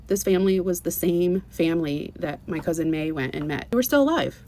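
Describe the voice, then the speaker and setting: A woman's voice: on the low side, a little fast, few pauses. A woman telling her own travel story in a casual, earnest way, with many restarts and asides. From United States. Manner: earnest and animated, with many restarts and "you know"s.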